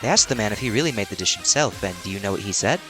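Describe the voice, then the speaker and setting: A man's voice: lowish voice, animated, racing, pitched below the performer's own voice, close to an everyday voice. A man putting on a playful dead girl who can't stop making puns, her voice swinging up and down as she teases, with faint music underneath. The game dialogue lands with a cheeky grin. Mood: teasing. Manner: playful, teasing joke delivery. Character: cheerful pun-loving dead young woman.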